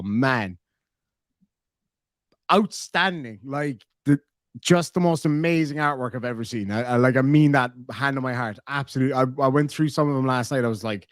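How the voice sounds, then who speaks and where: An Irish man chatting casually on a live stream, reading out viewer messages in a rambling, excitable way that is full of swearing and restarts. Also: mid-range voice, no room sound, clean studio sound. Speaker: livestreamer reading viewer donations.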